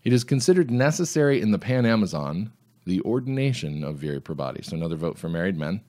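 A man's voice: low-pitched, sing-song, fast, a little mellow. A man hosting a solo commentary podcast, reading items aloud and answering them with sarcastic, mocking asides. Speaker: podcast host.

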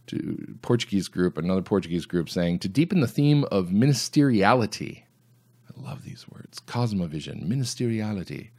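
A podcast host with a low, slightly mellow voice runs a solo commentary show. He reads items aloud and answers them with sarcastic, mocking asides.

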